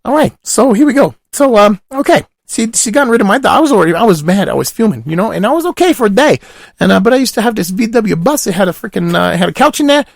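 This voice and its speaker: A man voicing a raspy, burnt-out party guy who rambles with fillers and asides in a comic monologue. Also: high voice, very animated, fast, no room sound, studio quality, full character voice. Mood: rambling.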